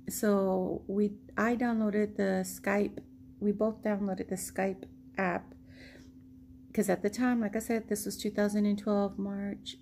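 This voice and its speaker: Woman vlogging, stuffy allergy nose, slow rambly storytelling w lots of laughs, warm mellow voice. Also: mid-range voice, slight background noise. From United States. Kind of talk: casual storytelling.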